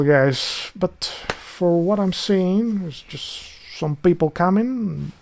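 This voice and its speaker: Male streamer, Albanian accent, some vocal fry, loose profane rambling monologue. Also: a little high, a little mellow. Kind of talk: casual livestream chat.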